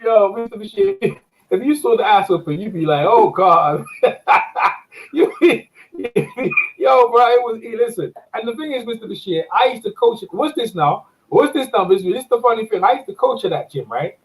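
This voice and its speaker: High-voiced man, animated storyteller. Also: fairly quick, poor audio. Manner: animated storytelling, laughs often, repeats words. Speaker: host and amateur boxing judge. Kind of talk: casual chat.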